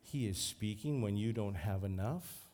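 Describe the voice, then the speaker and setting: A man's voice: fairly low pitch, unhurried, warm tone. A man preaching a sermon as pastor, fervent and emphatic.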